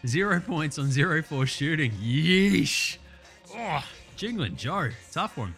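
A young Australian man runs through last night's basketball in a loose, joking podcast style, dropping swears and fillers as he goes. His voice is bright and forceful and sits a little high for a man. Faint music plays underneath. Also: very animated, moderate pace, breathy edge. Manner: profane, jokey and enthusiastic, with many fillers. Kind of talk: casual sports recap podcast.

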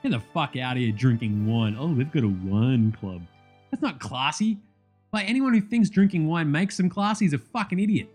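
A man's voice: a little high, animated, brisk, faint music behind. A man with an Australian accent giving a casual, profane, jokey rant about sport. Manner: profane, blunt, jokey banter. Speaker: sports vlogger.

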